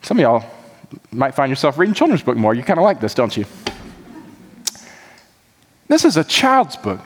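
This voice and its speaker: A man's voice: medium pitch, huge pitch swings, moderate pace, big-room sound, a little hiss or hum. A man who is a pastor, preaching a sermon with impassioned, repetitive emphasis that keeps building.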